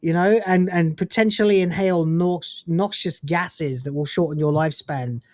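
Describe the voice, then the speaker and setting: A woman's voice: lowish voice, moderate pace, darkish tone, no echo, clean studio sound. An English woman co-hosting a live gaming news stream, reading news items and breaking into blunt, profane commentary with frequent laughter.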